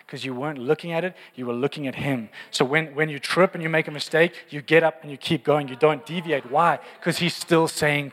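Man, preaching sermon, higher voice, long hall reverb, joking and lively. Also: a little fast. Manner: humorous, animated preaching with acted prayers. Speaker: pastor. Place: large church hall.

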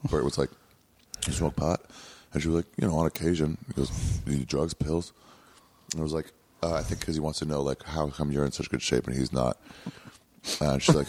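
Very deep husky man telling stories. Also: darkish tone. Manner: rambling storyteller, mimics people he quotes. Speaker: podcast guest. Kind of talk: casual chat. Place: rented house.

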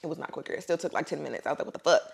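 A young woman spins a story on a casual podcast, her voice sitting a little low. She swears freely and acts out each person's words as she goes. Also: racing, creaky, husky. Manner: animated storyteller, profane, acts out quotes. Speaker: podcast co-host.

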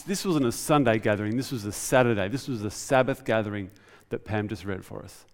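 A man preaching a conversational, animated sermon in a church. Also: mid-range voice. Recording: reverberant church hall.

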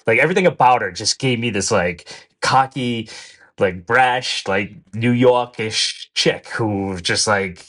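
Male co-host, mid-pitched, rambling and animated, loose casual delivery. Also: measured pace. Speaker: podcast co-host. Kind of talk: casual chat.

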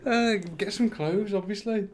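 A man with a slightly high voice, spinning playful stories in casual chat. He laughs at his own jokes as he goes. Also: fairly even intonation, measured pace, a crowd in the background.

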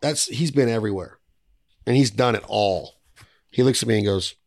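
A man hosting a podcast, rambling through a hunting story with quick restarts. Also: lowish voice, vocal fry, darkish tone. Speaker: podcast host. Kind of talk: casual podcast chat.

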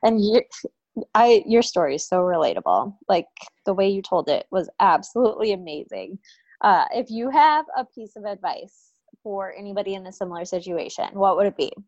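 A woman's voice: mid-range voice, animated, normal speed, no room sound. Affirming woman host, dull dry sound. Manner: warm, affirming, encouraging. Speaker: podcast host. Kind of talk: interview hosting.

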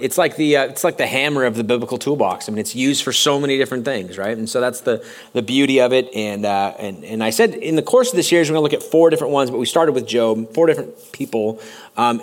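A man preaching a sermon as pastor, talking conversationally and often stopping to restart his sentences. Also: mid-range voice. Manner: conversational, halting with frequent restarts. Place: church sanctuary.

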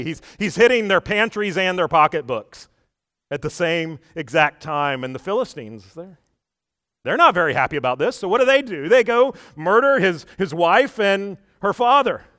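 A man delivers a sermon in a slightly high voice, recorded close and dry. He tells the story with energy, getting loud on quoted lines and dropping low for asides, and keeps checking in with questions to his listeners. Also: dry recording. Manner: asks the listeners questions often. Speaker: preacher.

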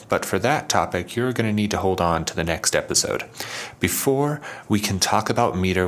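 A man hosting an educational poetry podcast, reading a scripted lesson that explains syllable stress, slowing down to sound out example words. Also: sits low, a bit bright. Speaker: podcast host.

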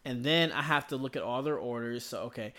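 A tired man who works as an emergency room nurse talks about his shifts on a casual podcast. His medium-pitched voice is brisk and sharp, and his talk rambles, with profanity and many fillers.

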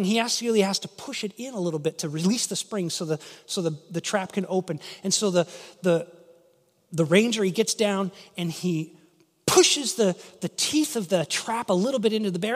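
A man preaching a sermon, telling stories in an animated way and acting out the voices in quotes. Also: sits high. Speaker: pastor. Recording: long hall reverb.

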